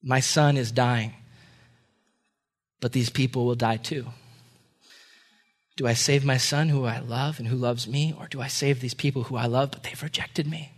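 A man voicing a grief-stricken king, crying out high and loud, then sinking low. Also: fairly even intonation, moderate pace, long pauses, long reverb tail, close to an everyday voice. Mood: torn.

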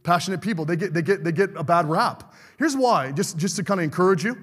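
A man's voice: sits high, fast talker, husky, long reverb tail. A middle-aged male pastor preaching a fervent sermon, calling out to the congregation for amens.

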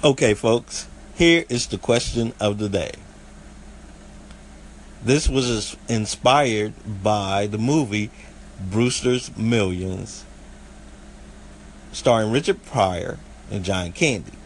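Man, Southern accent, podcast host, slow easygoing delivery, folksy, faint background noise. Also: lowish voice, poor audio. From southeast United States. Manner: folksy, slow-talking, stumbles over words. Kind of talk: casual solo podcast monologue.

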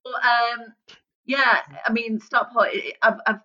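Her pitch fairly high and her tone steady, pushed and bright, a woman in her forties talks unhurriedly over slight background noise. She's a hypnotherapist from Merseyside, England, with a light accent, chatting as an interview guest in an effusive, gushing way and laughing often. The recording is dull and lo-fi.

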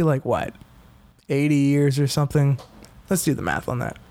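A man's voice: on the high side, darkish tone, no room sound. A young man hosting a solo podcast, ranting casually with lots of cursing and self-deprecating asides. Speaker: podcast host.

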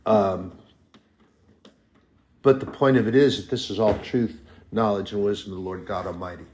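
A middle-aged man preaching a sermon and teaching from the Bible, talking conversationally with fillers and self-corrections, and swinging from soft asides to loud, rising proclamations. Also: fairly low pitch, steady tone, normal speed, slight background noise.

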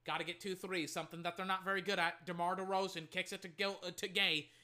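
A fan doing casual play-by-play commentary on his own microphone, excitable and quick to rant and swear at players and referees. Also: mid-range voice.

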